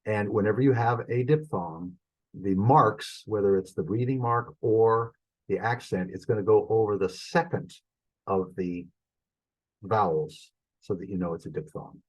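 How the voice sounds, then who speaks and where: A man's voice: lowish voice, unhurried, rough recording. A middle-aged man teaching a Greek lesson, thinking aloud as he works through examples and stops to correct his own mistakes. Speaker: Greek instructor. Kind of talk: recorded classroom lesson.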